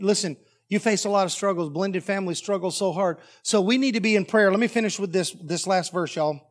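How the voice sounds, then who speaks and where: Male pastor, high-pitched, delivers a lively story-driven sermon. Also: a little fast, few pauses. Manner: animated storytelling that acts out dialogue.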